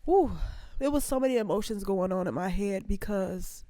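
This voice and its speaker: A woman's voice: mid-range voice, expressive, normal speed, warm tone, dry recording, clean studio sound. A young adult woman hosting a reaction video, chatting casually and with heart, talking straight to her viewers. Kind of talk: casual emotional reaction chat.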